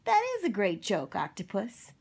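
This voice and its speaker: A woman's voice: mid-range voice, wildly swooping pitch, normal speed, vocal fry, a little mellow, slightly rough, exaggerated voice. A woman voicing a blunt, folksy cowboy man with a drawl in a storybook read-aloud. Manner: drawling, plain-spoken, says ain't and dang.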